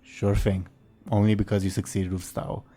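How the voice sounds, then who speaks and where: A man's voice: fairly low pitch, level tone, normal speed, dark tone. A man narrating a tabletop game as game master, easygoing and full of ums.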